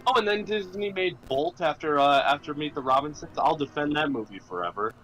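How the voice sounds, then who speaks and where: Bright-voiced young man rambling casually. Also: on the high side, fairly quick, rough recording. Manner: rambling, hedging with fillers. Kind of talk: casual chat on a live stream.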